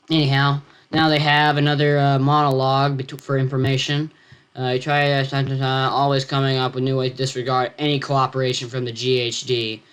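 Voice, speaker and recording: A man's voice: medium pitch, fairly bright tone, clear, resonant tone. A teenage boy reading his own science fiction story aloud, stopping often to comment and explain. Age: teens. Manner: halting, self-interrupting, comments on own text.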